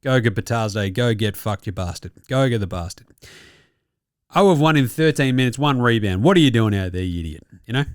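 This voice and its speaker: A man's voice: lowish voice, lively intonation, fairly quick, no echo, clean studio sound. A man with an Australian accent hosting a basketball podcast, delivering a profane, mocking comic rant and laughing at his own jokes. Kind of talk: sweary comic sports rant.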